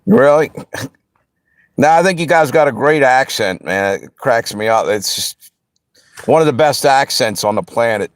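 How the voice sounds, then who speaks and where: A man's voice: mid-range voice, lively intonation, unhurried, pauses often, no room sound, studio quality. A man from the Pennsylvania and Delaware area, hosting a live stream and chatting casually with viewers in a rambling, easygoing way. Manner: easygoing, rambling, talks straight to the chat. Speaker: livestream host.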